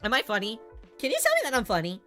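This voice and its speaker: A woman's voice: on the high side, huge pitch swings, quick pace, sharp tone, soft background music. A woman streamer chatting casually and rambling, laughing often between thoughts. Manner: rambling, giggly, mock voices. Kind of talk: casual live-stream chat.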